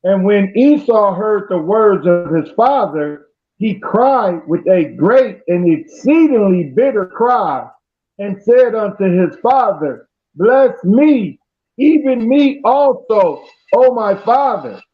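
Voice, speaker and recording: High, slow-declaiming male scripture reader. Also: animated. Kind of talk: slow loud scripture reading. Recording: dull lo-fi sound, distant from mic.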